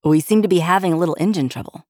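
A woman voicing a calm, teasing young husband and pilot in an offhand, patronizing way in an audiobook. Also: deep voice, moderate pace, no echo, studio quality. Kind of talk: audiobook character voice.

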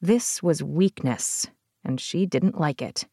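A woman narrating a fantasy novel as an audiobook in a measured, steady reading. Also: low-pitched, no room sound, clean studio sound. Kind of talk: scripted fiction narration.

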